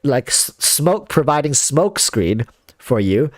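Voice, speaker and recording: Animated rambling male streamer. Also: mid-range voice, slow, no echo, clean studio sound. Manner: rambling, animated, many fillers and restarts. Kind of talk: casual livestream chat.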